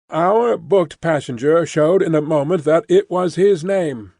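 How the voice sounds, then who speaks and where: Gravelly man reading an audiobook. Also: on the high side, measured pace, hardly any pauses, no echo. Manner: expressive, storytelling reading. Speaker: audiobook narrator. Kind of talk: scripted narration. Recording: dry close studio recording.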